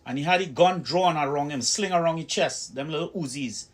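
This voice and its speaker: A man's voice: on the high side, a little fast. A man with a Trinidadian accent telling personal stories in an opinion vlog, speaking emphatically and acting out heated exchanges. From Trinidad and Tobago. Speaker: video commentator.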